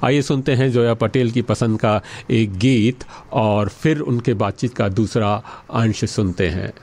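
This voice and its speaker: A man's voice: lowish voice, very fast, darkish tone, slight background noise. A middle-aged man hosting a radio interview, talking hesitantly with many fillers. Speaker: radio host.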